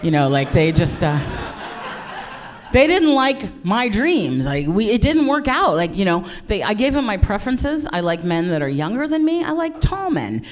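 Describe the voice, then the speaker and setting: A woman's voice: medium pitch, big pitch swings, moderate pace. A middle-aged American woman doing live stand-up, brash and profane, mocking herself and playing to the crowd. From United States. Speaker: stand-up comedian.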